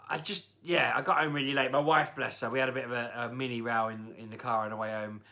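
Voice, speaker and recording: A man's voice: mid-range voice, fairly even intonation, quick pace, bright, forceful tone. A man telling a casual, exasperated story, grumbling as he goes. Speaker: vlogger. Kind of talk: casual spoken rant.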